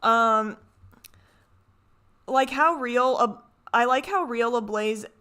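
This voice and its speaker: A woman's voice: a little high, slow pace, bright, forceful tone, clean tone. A woman hosting a reaction video, talking casually and rambling, often restarting and correcting herself.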